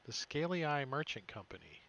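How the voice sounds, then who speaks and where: A man running a tabletop game as game master, narrating in a relaxed, joking way with many fillers. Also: mid-range voice, normal speed, dull audio.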